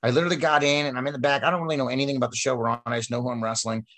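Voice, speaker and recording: A man's voice: medium pitch, racing. Man spinning rambling wrestling tales. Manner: rambling, animated storytelling with many fillers. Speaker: wrestler telling stories. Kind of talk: casual storytelling chat.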